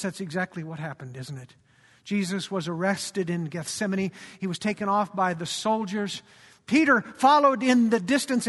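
A man's voice: very high-pitched, a bit bright. A male pastor preaching a sermon with dramatic storytelling and rhetorical questions. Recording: long hall reverb.

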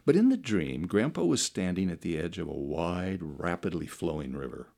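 Deep gravelly middle-aged guy preaching, slow dramatic storytelling, voice rises and drops a lot. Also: very animated. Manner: slow, dramatic storytelling with wide swings in loudness. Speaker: pastor. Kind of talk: sermon storytelling.

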